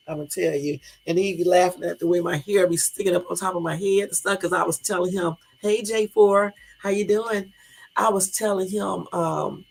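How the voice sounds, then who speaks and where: A woman's voice: on the low side, gravelly, slightly rough, rough recording. A middle-aged woman livestreaming casual chat to viewers, rambling and joking, laughing often. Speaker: livestream host.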